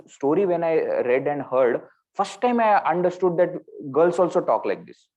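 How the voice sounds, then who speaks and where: A man with an Indian English accent giving a storytelling scripture discourse as a spiritual teacher, acting out the characters' words with sudden jumps in pitch. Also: lively intonation, normal speed, a little mellow. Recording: dull lo-fi recording.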